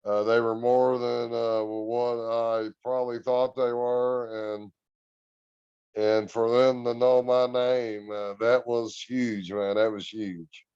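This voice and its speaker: A man guest on a podcast, telling a story in an earnest, relaxed, drawn-out way. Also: medium pitch, smooth, no room sound, highs cut off. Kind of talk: casual storytelling.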